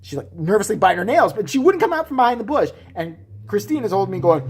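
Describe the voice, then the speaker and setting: A man's voice: sits high, sing-song, fast talker, hardly any pauses, slight background noise. A man casually telling a story from his childhood, blunt and profane, joking as he goes and acting out the people he quotes. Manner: acts out quoted voices while telling. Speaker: vlogger.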